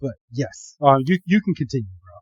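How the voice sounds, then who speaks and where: A man co-hosting a podcast, recapping a film in a casual, animated way and acting out the characters' lines. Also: mid-range voice, fairly quick, breathy edge, no echo, lo-fi sound. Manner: animated, fond of acting out quotes. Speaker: podcast co-host.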